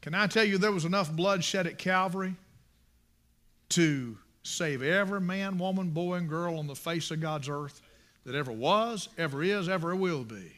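Preacher guy in a sermon, pretty high voice, keeps hammering the same lines, fired up. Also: normal speed, fairly bright tone. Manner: impassioned and emphatic, repeating phrases.

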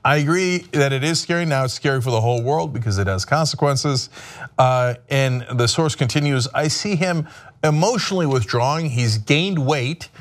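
A man hosting a sarcastic political commentary show, talking animatedly and mocking his subjects. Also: a little high.

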